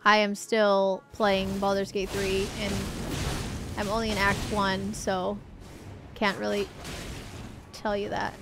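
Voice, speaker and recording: A woman's voice: mid-range voice, monotone, slow pace, long pauses, music in the background. A woman live-streaming a game from her home setup on a foam-covered desk microphone, chatting casually and cooing at her pet in baby talk. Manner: chatty, talks to chat between game moments. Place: home streaming room with a green screen.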